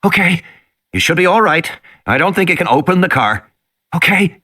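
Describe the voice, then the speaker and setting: Male reader playing a scared boy, high and pushy, barking orders. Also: very animated, moderate pace, sharp tone, slightly rough, full character voice. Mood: urgent. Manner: urgent, commanding. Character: young boy, scared but trying to take charge.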